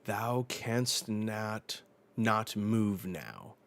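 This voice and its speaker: A man voicing a menacing ancient ruler who speaks in slow, solemn, old-fashioned diction. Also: fairly low pitch, sing-song, gravelly, a bit bright, full character voice.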